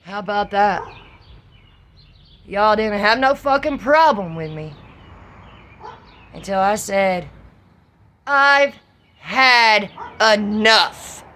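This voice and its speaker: A middle-aged woman with a Southern US accent, venting in a profane, confrontational vlog monologue that rises to shouts. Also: medium pitch, expressive, takes it slowly, pauses often. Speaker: vlogger.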